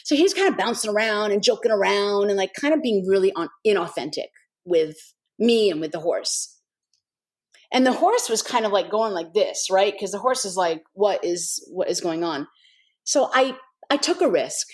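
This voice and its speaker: A woman's voice: mid-range voice, expressive, moderate pace. A woman guest on a podcast, telling an earnest, heartfelt story with many "kind of" and "like" asides. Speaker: guest, animal intuitive.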